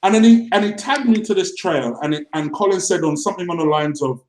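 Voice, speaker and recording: A man's voice: sits high, fast talker, hardly any pauses, echoey room, rough recording. Ranting young man. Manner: animated, ranting, swearing, voice rising when riled. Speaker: co-host of a football fan channel. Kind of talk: heated casual chat.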